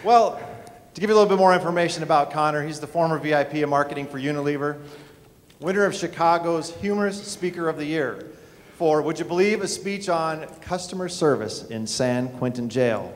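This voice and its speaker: A man's voice: fairly high pitch, brisk. A man acting as emcee, introducing the speaker with dry, teasing straight-man banter. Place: large conference hall. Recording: long hall reverb with faint noise.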